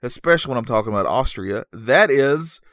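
A man's voice: medium pitch, expressive, fairly quick, a bit bright, no room sound, studio quality. A man co-hosting a podcast in casual chat, telling a story in an easygoing, self-deprecating way with lots of fillers. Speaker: podcast co-host.

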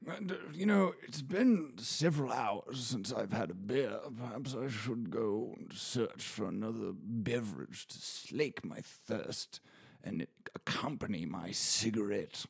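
A man's voice: fairly low pitch, animated, measured pace, gravelly, breathy edge. A man who reads audiobooks, tired and punchy after a long day in the studio, rambling jokily and slipping into mock-British pub talk. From Washington State, USA. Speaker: audiobook reader. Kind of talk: rambling off-script chat. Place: recording studio.

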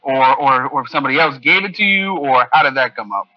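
A man's voice: mid-range voice, lively intonation, fast talker, no room sound, dull audio. A man in a casual chat asking a question eagerly, repeating words as he goes.

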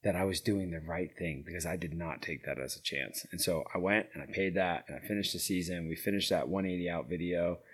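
A man's voice: deep voice, a little fast, hardly any pauses, husky. A middle-aged man telling stories in a casual interview, rambling with many fillers. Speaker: guest, founder of a veteran horse program.

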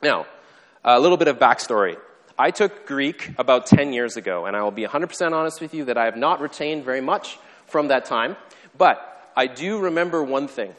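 A man preaching a sermon at an ordinary mid-range pitch, his voice carrying a long reverb through a church hall. He explains things in a relaxed, conversational way and makes light of himself along the way. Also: fairly quick. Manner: conversational and self-deprecating, with playful asides. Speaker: pastor.

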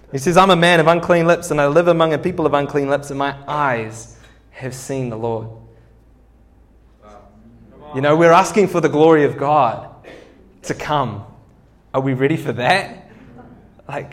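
Animated preacher man with a higher voice. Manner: animated, building intensity, drops to quiet asides; reads scripture slowly and deliberately. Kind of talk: sermon.

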